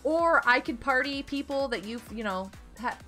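A woman chats on a live stream as she plays a block game, giggling and cheering her friends on. Her voice sits high and leaps around, with a bright, sharp edge. Faint music plays behind her. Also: expressive, moderate pace. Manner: chatty, giggly, encouraging. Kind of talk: casual live-stream chat.

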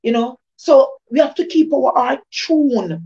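A woman's voice: high voice, lively intonation, a little slow, darkish tone. A woman gives an informal devotional testimony, repeating phrases in an emphatic preaching cadence. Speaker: devotional speaker. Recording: dull lo-fi recording.

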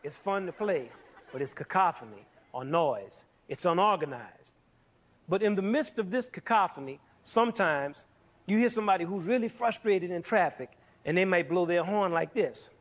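A man's voice: high-pitched, expressive, normal speed. Man teaching music with questions. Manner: asks questions and answers them; demonstrates with counting and sounds. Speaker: music educator hosting a TV series. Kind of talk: televised music lesson to young audience.

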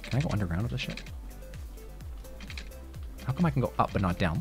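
A man's voice: on the low side, animated, fairly quick, gravelly. Profane, rambling gamer guy. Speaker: let's play host. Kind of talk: casual gameplay commentary. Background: game music.

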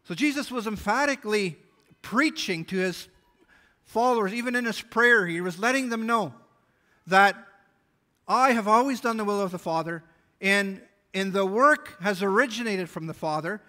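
A man's voice: high voice, bright, forceful tone. A man pastor preaching a sermon, reading scripture aloud and explaining it earnestly. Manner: earnest Bible exposition, reading scripture aloud with small restarts.

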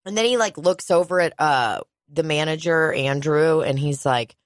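A young woman co-hosting a podcast, chatting casually and telling animated stories, mimicking people and swearing freely. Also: sits low, normal speed, no echo, studio quality. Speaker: podcast co-host. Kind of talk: casual comedic chat.

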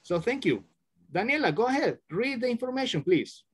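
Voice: mid-range voice, very animated, brisk, slightly rough. A teacher leading an online class over a video call, patiently repeating words to correct and stress them.

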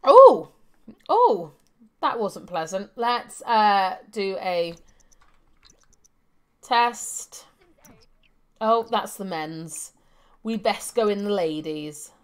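A woman's voice: mid-range voice, drawn-out words, pauses often, smooth. A young adult woman giving chatty live gameplay commentary, thinking aloud with fillers and laughing often. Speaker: game streamer.

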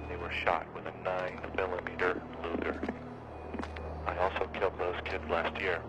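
An actor playing a calm male killer calling in a murder, speaking flat and measured over a hissing phone line. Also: low-pitched, lightly acted. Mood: cold, calm. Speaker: caller reporting a murder.

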